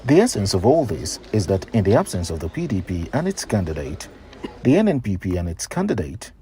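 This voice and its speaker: Deep-voiced news reader. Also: male voice, very animated, dark tone. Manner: formal, measured legal reading. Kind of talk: read news report.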